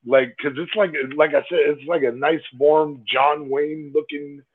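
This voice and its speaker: A podcast guest with a high voice tells jokey stories in a laid-back way, laughing easily. He comes through a tinny, phone-like call line with thin, narrow sound. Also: fairly even intonation, measured pace. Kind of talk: casual chat.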